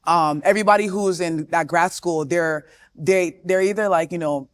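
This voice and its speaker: A woman in her twenties, a guest in a casual interview, telling her story with animated energy. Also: fairly low pitch, normal speed, no echo. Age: 20s. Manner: animated storytelling, often acting out quotes.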